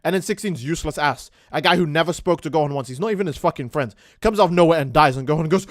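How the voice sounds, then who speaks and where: Male streamer, profane ranting commentary, lively and high-pitched. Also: quick pace, few pauses, no room sound, clean studio sound. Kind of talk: casual gaming stream commentary.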